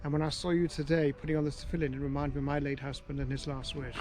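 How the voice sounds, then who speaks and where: A grieving widow recounts her loss in a hushed, earnest tone, voiced by a man retelling her words. Music plays clearly beneath the voice. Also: a little high, flat delivery, fast, pitched below the performer's own voice, natural voice. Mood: heartfelt. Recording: music playing underneath.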